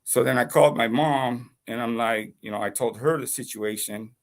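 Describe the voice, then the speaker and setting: A man with a gravelly voice tells a long personal story in casual, rambling speech. He swears freely and keeps asking whether you follow him. His voice sits at a middle pitch. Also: moderate pace. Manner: profane, rambling, keeps asking "you know what I mean?". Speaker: YouTube channel host.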